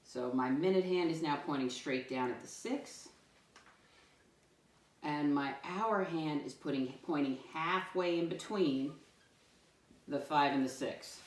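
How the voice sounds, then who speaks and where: A woman's voice: sits low, a little slow, pauses often. A woman teaching young children, asking patient, sing-song questions. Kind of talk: classroom lesson for young children. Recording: echoey room, mic far off.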